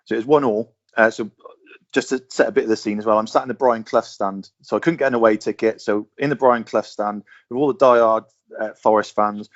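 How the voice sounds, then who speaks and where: A man telling a casual story on a podcast call in a measured way, carefully setting the scene. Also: on the low side, highs cut off. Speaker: podcast guest.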